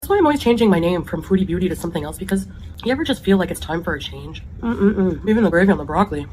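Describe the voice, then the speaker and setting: A woman's voice: on the low side, lively intonation, racing, dark tone, rough recording. A woman hosting an eating show, chatting about her meal and savoring each bite. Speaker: mukbang host.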